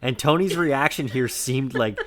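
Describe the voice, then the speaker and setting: Man, podcast co-host, relaxed recap style, average-pitched voice, frequent yeahs. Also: unhurried. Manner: laid-back, recaps scenes, many agreeing yeahs. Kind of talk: casual chat reviewing a sitcom episode.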